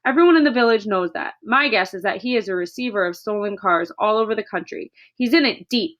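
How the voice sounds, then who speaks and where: A woman reading aloud, voicing a kind schoolteacher who speaks softly and calmly. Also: medium pitch, a little fast, highs cut off, slight background noise, natural voice. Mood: gentle. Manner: soft and calm.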